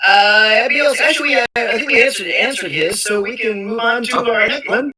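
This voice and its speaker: A woman moderating a live-streamed convention Q&A, reading out fan questions in a relaxed, friendly way. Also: on the high side, fast talker, over a noisy crowd. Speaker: panel moderator.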